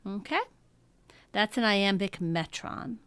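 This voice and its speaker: A woman teaching a lesson in a patient, explanatory way, often pausing to check in with her listeners. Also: mid-range voice, fairly bright tone, clean tone, no room sound. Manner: patient, explanatory, frequent "um" and "okay?" check-ins. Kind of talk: classroom lecture.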